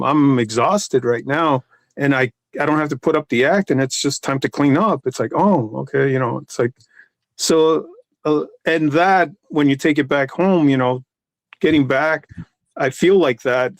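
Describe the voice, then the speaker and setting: A male comic artist with a mid-range voice talks casually on a podcast, rambling with lots of restarts and filler words. The recording has no room sound.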